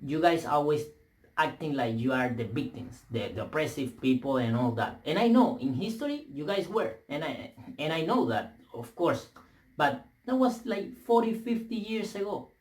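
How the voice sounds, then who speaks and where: A young man with a Spanish accent rants straight into a camera mic, English clearly not his first language. He is profane and emphatic, stumbling into restarts as he pushes his point. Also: a little high, very animated, normal speed, a little mellow. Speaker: vlogger. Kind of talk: heated rant to camera.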